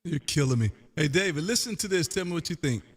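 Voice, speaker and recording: A man hosting a casual ham radio chat, loud and folksy, calling everyone man. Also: fairly high pitch, lively intonation, fast, in a large hall. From Texas.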